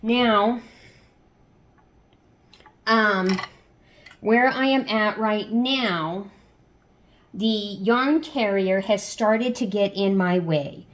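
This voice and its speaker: Very slowly and with long pauses, a medium-pitched woman guides viewers through sock machine knitting in a step-by-step tutorial. Patient and homey, she repeats steps, checks in with "okay?" frequently, and chats along with a playful "ta-da".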